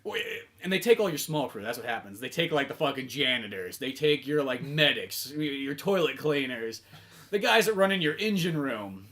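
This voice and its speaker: A man's voice: mid-range voice, lively intonation, normal speed, fairly bright tone. A man co-hosting a comedy podcast, chatting loosely about video games, rambling and swearing and acting out bits. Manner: rambling, profane, acts out bits in silly voices. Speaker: podcast co-host.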